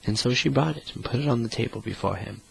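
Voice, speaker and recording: A man reading a fairy tale aloud in a slow, flat, monotone way meant to lull listeners to sleep. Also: medium pitch, gravelly, slightly rough, low-quality recording. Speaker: storyteller. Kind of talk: monotone bedtime story reading.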